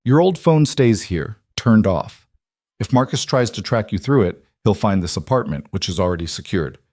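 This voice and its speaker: A composed, commanding man who takes charge, firm and measured, as a low-voiced narrator reads him. The sound is dry and close. The voice stays low and controlled. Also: lively intonation, a little mellow, no room sound. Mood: steady. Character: calm, commanding wealthy protector man.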